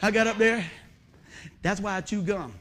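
A man preaching a sermon, animated and often laughing as he tells a funny personal story. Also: sits high, normal speed. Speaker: preacher and musician.

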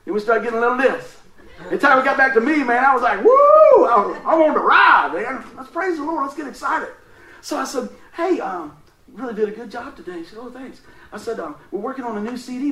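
A man's voice: very high voice, bright, forceful tone, reverberant, recorded from a distance, low-quality recording. A man preaching a casual, folksy sermon, telling stories and laughing often.

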